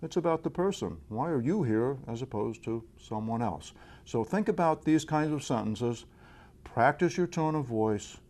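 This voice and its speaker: A man presenting a communication tips lesson straight to the viewer, in a clear, deliberate, instructional way. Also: medium pitch, animated, darkish tone. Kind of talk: direct-to-camera coaching lesson.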